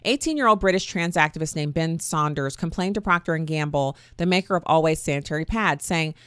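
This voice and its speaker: A woman's voice: low voice, fairly quick, a bit bright, smooth, no room sound, clean studio sound. A middle-aged woman hosting a talk radio show, chatty and sarcastic with folksy asides. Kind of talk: opinionated talk radio monologue.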